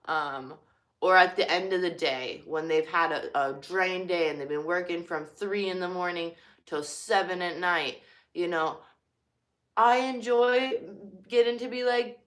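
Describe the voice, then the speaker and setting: A woman's voice: lowish voice, a little slow, a bit bright. A young woman who works as a cashier talking casually and from the heart, full of "like" and "you know" fillers. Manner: chatty, filler-heavy, heartfelt. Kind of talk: casual personal talk.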